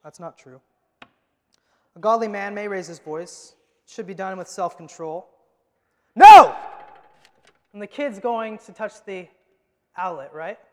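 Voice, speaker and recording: High-voiced preaching man in reverberant hall. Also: moderate pace, long pauses. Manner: emphatic preaching, swings from loud to hushed. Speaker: pastor. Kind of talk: sermon. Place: church sanctuary.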